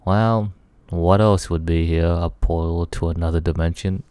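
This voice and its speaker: A man's voice: low-pitched, fairly even intonation, moderate pace, mellow, clear, resonant tone, no room sound. A man reading a visual novel's narration aloud and breaking off with wry asides as a let's play host. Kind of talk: reading game text aloud with commentary.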